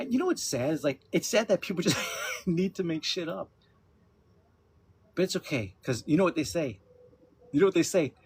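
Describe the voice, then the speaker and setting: A man's voice: a little high, a little mellow, slight background noise. A man in his fifties hosting a casual livestream chat, laughing often and talking loosely with some swearing. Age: 50s. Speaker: livestream host. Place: at home with his dogs.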